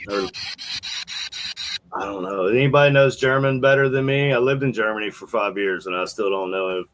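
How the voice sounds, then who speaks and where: A man's voice: on the low side, normal speed, a bit bright. A man hosting a podcast, thinking aloud in casual commentary as he plays clips, rambling with restarts. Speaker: podcast host.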